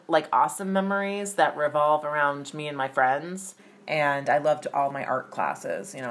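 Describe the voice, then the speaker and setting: A woman's voice: low-pitched, a little hiss or hum. A woman from Massachusetts telling stories about her youth in a chatty way, with many fillers and restarts. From Massachusetts, USA. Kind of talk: casual personal storytelling.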